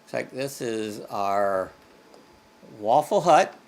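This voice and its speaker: A man's voice: on the low side, expressive, slow, a little mellow. An older man from Ohio, hosting a casual live stream and joking easily while he plays a farming game. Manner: easygoing, jokey, talks over gameplay. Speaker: host.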